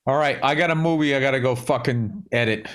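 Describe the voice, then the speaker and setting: A man's voice: mid-range voice, fairly quick, a bit bright. A man in his fifties with a Boston accent, co-hosting a casual podcast chat with blunt, profane, dry humor. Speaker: podcast co-host.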